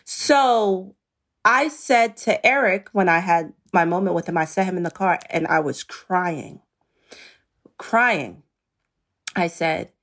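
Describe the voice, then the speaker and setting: A woman's voice: fairly low pitch, takes it slowly, fairly bright tone. A woman guest on a podcast in casual interview chat, talking emphatically and repeating key phrases.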